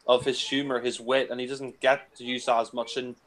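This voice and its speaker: A man talks over a film in a loose, casual fan commentary. His voice sits at an ordinary pitch, and his remarks are blunt and crude, full of "you know" and "like". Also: flat delivery, brisk, fairly bright tone, poor audio. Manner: blunt and crude, with lots of fillers.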